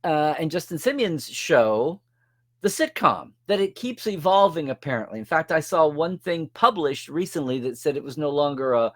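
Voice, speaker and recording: A man's voice: on the high side, creaky. A middle-aged man hosting a casual monologue, rambling with sarcastic asides and restarting sentences. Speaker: host.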